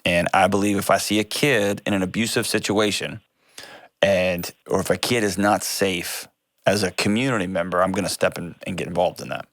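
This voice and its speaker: A lower-voiced man hosts a call-in advice show in a dry, close studio sound. He talks directly and earnestly and often corrects himself mid-sentence. His delivery turns animated when he retells a story. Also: a little fast, no echo.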